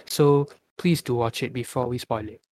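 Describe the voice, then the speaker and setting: A man's voice: mid-range voice, fairly even intonation, brisk, a little mellow. Joking male podcast co-host. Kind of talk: casual chat.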